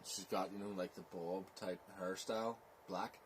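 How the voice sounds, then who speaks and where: Man, Belfast accent, low voice, rambling storyteller, noisy recording. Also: steady tone. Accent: Northern Irish, Belfast. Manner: slow, rambling, with "so it is" tags. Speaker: podcast co-host telling a scary story. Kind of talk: casual storytelling chat.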